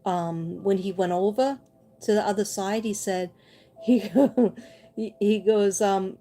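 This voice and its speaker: Casting note: woman, psychic medium on a livestream, soft mellow tone, mid pitch, gentle reassuring delivery. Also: fairly even intonation, slow. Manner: gentle, reassuring, relays messages with repetition. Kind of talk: livestream spirit reading.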